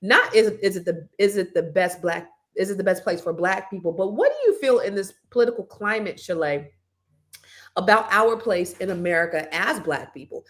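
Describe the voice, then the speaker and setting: A Californian woman hosting a panel talk show in a lively, chatty way. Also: medium pitch, normal speed. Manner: lively, chatty, playful with the guests. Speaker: panel host.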